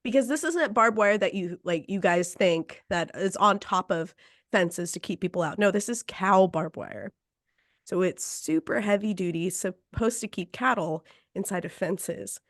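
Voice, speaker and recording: A woman's voice: medium pitch, measured pace, no room sound, studio quality. A woman podcast host casually telling a story, acting out quotes and laughing between lines.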